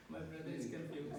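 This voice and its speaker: A man's voice: fairly high pitch, gravelly. A man who speaks English as a second language, preaching a sermon to a congregation and asking "Amen?" again and again. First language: not English. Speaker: pastor. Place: church hall. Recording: echoey room from a distance.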